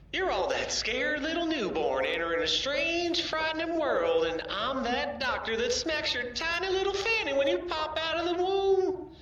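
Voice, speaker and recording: Brief: high, swooping, syrupy showman in an audio drama, slow and gushing. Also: pushed and bright, lo-fi sound, exaggerated voice. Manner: syrupy, theatrical, drawn-out crooning. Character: flamboyant gushing male celebrity, sugary. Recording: roomy distant voice with music.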